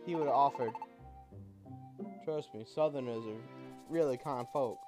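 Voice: medium pitch, measured pace, music in the background. A gaming YouTuber giving casual let's-play commentary, chatty and swearing freely while musing aloud.

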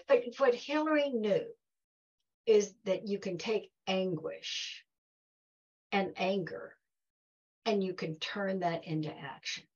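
A woman's voice: medium pitch, slow pace, long pauses, a little mellow, highs cut off. A woman giving a heartfelt talk to an audience, telling stories and acting out quoted dialogue. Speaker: guest speaker.

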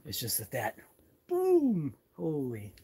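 Walking a camera through a large hobby shop, this channel host chats casually, rambling and muttering asides in a live walkthrough vlog. His Boston-area Massachusetts accent is non-rhotic, dropping his R's. His voice sits on the high side with huge pitch swings, a slow pace and a dark tone, over slight background noise.

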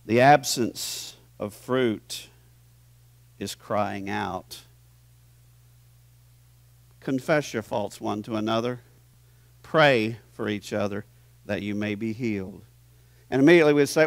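A man preaching a sermon as pastor in a church, animated and teasing his congregation, swinging from hushed to loud. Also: lowish voice, slow pace, gravelly, pauses often, no room sound. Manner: playful, teases the audience.

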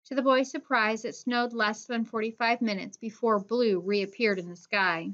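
A woman narrating a children's adventure story in a steady reading voice. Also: on the high side, normal speed, muffled recording. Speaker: audiobook narrator. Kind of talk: scripted narration.

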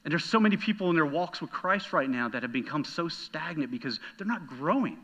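A man preaching a sermon as pastor, telling a personal story in an animated, conversational way. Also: on the high side, fairly quick. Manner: animated storytelling, talking straight to the congregation.

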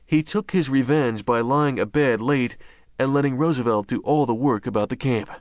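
A man's voice: medium pitch, moderate pace, no echo. Man narrating an audiobook, dry close sound. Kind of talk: scripted narration.

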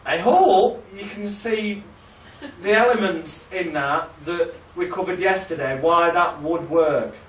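A man's voice: sits high, slow pace, a bit bright, echoey room, far from the mic, poor audio. A man teaching a hypnotherapy class in a loose, chatty storytelling way, swearing freely and laughing at his own stories. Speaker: hypnotherapy trainer. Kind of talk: casual storytelling lecture.

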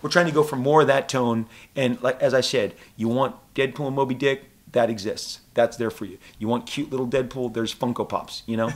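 Excitable middle-aged man talking comics. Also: medium pitch, fairly quick, few pauses. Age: 40s. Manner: excitable, acts out quotes in funny voices. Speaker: comic book creator interviewed. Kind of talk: animated casual interview talk. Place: convention interview room.

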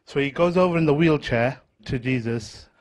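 A man's voice: medium pitch, normal speed. A man telling a long joke to a group, rambling, losing track and correcting himself.

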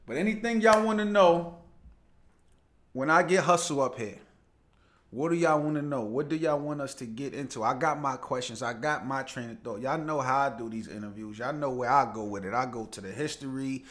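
A man's voice: medium pitch, normal speed, fairly bright tone. A young man hosting a casual live show, chatting loosely, greeting viewers by name and laughing easily as he reads their comments. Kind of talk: casual livestream chat reading viewer comments.

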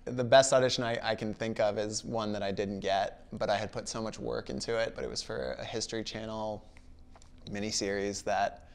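A man from Connecticut, an actor guest in a casual comedy interview, talking in a self-deprecating, deadpan way. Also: lowish voice, clean tone. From Bridgeport, Connecticut, US.

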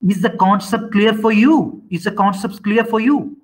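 High-voiced man teaching online class. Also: low-quality recording. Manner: questioning students, repeating himself, halting restarts.

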